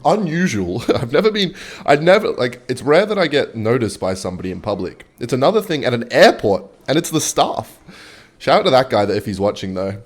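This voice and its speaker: Casual low-voiced young man. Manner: chatty, rambling, swears freely. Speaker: gaming video host. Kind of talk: casual gameplay commentary.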